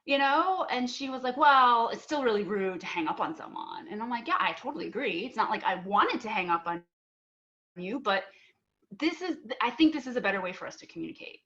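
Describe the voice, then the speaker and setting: A woman's voice: medium pitch, fairly quick. Young woman telling a story on a panel, earnest, lots of um and like, kinda muffled call audio. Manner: earnest, animated, acts out both sides of arguments. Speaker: panel speaker.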